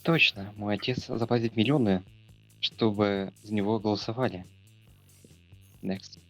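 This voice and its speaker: A man's voice: fairly low pitch, steady tone, normal speed, natural voice. A Russian-speaking man playing his character in a party game, reading the choices aloud and laughing when he stumbles. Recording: faint game music behind.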